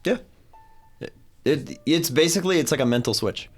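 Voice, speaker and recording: A man's voice: on the high side, moderate pace, husky, soft background music. A man narrating a tabletop game as game master, playful and laughing often, dropping briefly into character voices.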